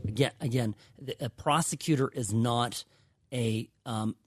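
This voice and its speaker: A man co-hosting a legal talk show, speaking in a halting, emphatic way with many restarts. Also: mid-range voice, husky, dry recording. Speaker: co-host, lawyer. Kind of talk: casual legal commentary.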